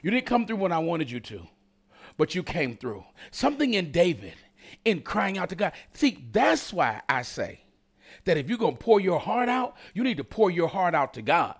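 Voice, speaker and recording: A man delivers a sermon as pastor, his voice sitting slightly high and ranging widely in pitch. He builds to fervent peaks and keeps checking in with the congregation through call-and-response asides. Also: breathy edge. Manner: preaching with rising intensity and call-and-response asides.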